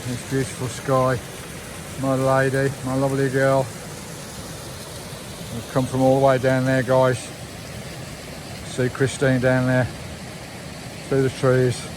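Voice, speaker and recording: A man walks a wet woodland trail and rambles to his viewers in casual vlog chat. He keeps calling out to them and to his dog, his voice at a middling pitch. The outdoor recording carries a clear layer of background noise. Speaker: vanlife vlogger. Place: outdoors on a wooded hillside trail by a stream.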